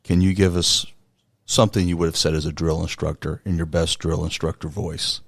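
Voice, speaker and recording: A man's voice: low voice, flat delivery, a little fast, creaky, slightly rough, dry recording, clean studio sound. A man co-hosting a podcast, asking questions in an admiring, earnest way. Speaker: podcast co-host. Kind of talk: interview questions.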